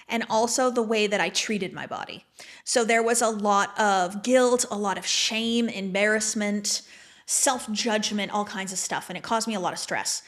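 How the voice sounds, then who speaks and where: A woman with a medium-pitched, slightly bright voice appears as a podcast guest, a manifestation mentor speaking candidly and reflectively. Her casual conversation is full of "like" fillers.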